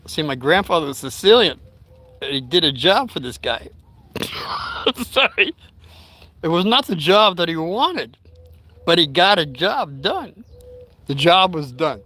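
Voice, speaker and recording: A man's voice: high-pitched, big pitch swings, unhurried, pauses often, bright, forceful tone, dry recording. An older man telling a rambling story to his live chat, stopping to talk to his dog. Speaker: vlogger. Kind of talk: casual storytelling livestream.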